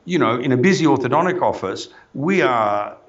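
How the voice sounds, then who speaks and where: A man's voice: medium pitch, lively intonation, moderate pace, highs cut off. A man, an orthodontist talking in a casual interview, enthusiastic and rambling, restarting his sentences and saying "you know" a lot. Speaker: orthodontist guest.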